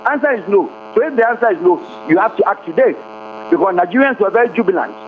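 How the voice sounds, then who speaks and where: On a tinny phone line to a radio show, with a faint hum underneath, a man delivers impassioned political commentary as a guest. His high, expressive voice moves quickly as he switches between Twi and English and fires off rhetorical questions.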